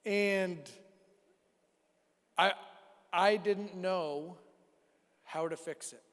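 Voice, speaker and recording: A man in his forties giving an animated sermon testimony to a youth group in a church hall, acting out the dialogue as he tells it. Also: sits high, very slow. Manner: animated storytelling, acts out dialogue. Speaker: youth speaker. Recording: long reverb of a church hall.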